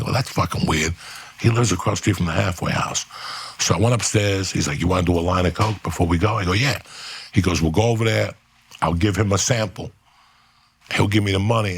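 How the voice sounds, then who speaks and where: This man has a very low, gravelly voice with a husky, rough edge. He tells a profane story in a studio, jumping into other people's lines as he goes. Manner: animated, swearing, acts out other people's lines. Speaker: guest storyteller. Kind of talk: profane anecdote telling.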